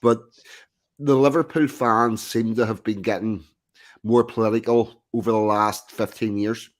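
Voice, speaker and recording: A middle-aged man from Northern Ireland talking in a halting, rambling way with frequent fillers and swearing in a casual stream chat. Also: on the low side, fairly even intonation. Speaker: participant on a live stream.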